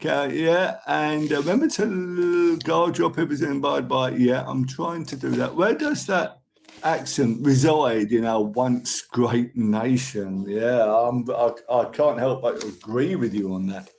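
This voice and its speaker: A man's voice: on the high side, moderate pace, gravelly, few pauses, poor audio. An older man from London with a Cockney accent, chatting casually and rambling as he reads viewers' messages and thanks them for gifts on a live stream.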